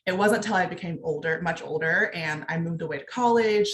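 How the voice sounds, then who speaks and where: A woman's voice: fairly low pitch, brisk, echoey room, a little hiss or hum. A young woman from Texas, a veterinarian speaking candidly on a panel, with lots of fillers. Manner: candid, conversational, many fillers. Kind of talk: panel discussion, personal account.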